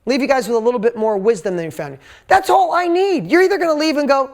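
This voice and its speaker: A man's voice: extremely high pitch, fast talker, hardly any pauses. Guy on stage at a live event telling stories, acts out what people said, swears a bit. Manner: animated storyteller, acts out quotes, swears casually. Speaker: seminar speaker. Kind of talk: live seminar sales talk.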